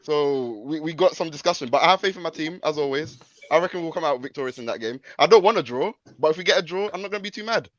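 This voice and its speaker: A man's voice: fairly high pitch, lively intonation, quick pace, a bit bright, no echo, lo-fi sound. A man joining a football podcast over a video call, speaking confidently in defence of his team. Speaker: guest podcast panelist. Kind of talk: casual banter.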